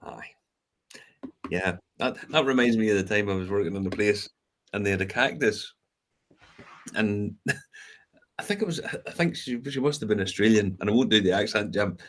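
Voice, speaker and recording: A low-voiced man chats casually as a podcast co-host. He tells stories with easy laughter and the odd curse thrown in. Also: lively intonation, moderate pace, long pauses, fairly bright tone. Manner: laughing storyteller, swears freely. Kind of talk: casual chat.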